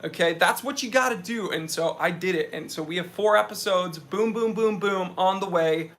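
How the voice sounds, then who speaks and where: A man's voice: high-pitched, normal speed, fairly bright tone. A young man from New England hosting a live stream, chatting loosely and answering viewers. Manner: chatty, loose, reads viewer comments aloud. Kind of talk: casual live stream chat.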